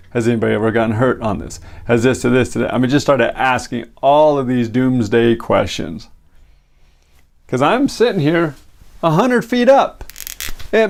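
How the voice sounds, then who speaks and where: A middle-aged man giving a motivational talk, telling a personal story in an animated way and acting out the lines of the people in it. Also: fairly high pitch, creaky. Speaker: motivational speaker.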